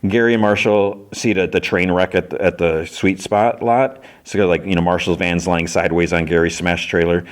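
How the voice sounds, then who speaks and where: A man's voice: low-pitched, steady tone, normal speed, few pauses. A man hosting a podcast, casually recapping an episode in a rambling way full of fillers. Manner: rambling, heavy use of "like". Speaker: podcast host.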